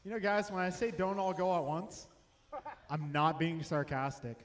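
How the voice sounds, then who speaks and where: A man calling a hobby race over the track speakers, briskly reading off lap times, positions and gaps. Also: a little high, long reverb tail, slight background noise. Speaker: race announcer. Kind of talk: race commentary.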